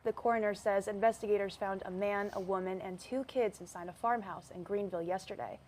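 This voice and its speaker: A woman reading news briefs as anchor in a steady, plain way. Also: mid-range voice, a little fast, slight background noise.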